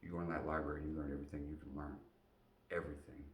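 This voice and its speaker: A man's voice: sits low, expressive, fairly quick, a bit bright, a little hiss or hum. A man voicing a stern but caring male Army sergeant who gives firm advice, recorded with roomy echo from a distant mic. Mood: earnest advice. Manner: firm, instructive.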